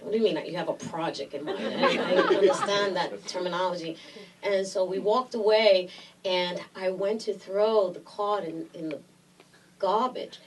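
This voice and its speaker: A middle-aged woman from Brooklyn with a New York Puerto Rican accent, telling a story in an interview, animated and acting out voices. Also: medium pitch, distant mic, a little hiss or hum, poor audio. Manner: lively storyteller, acts out voices, laughs often. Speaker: guest actress.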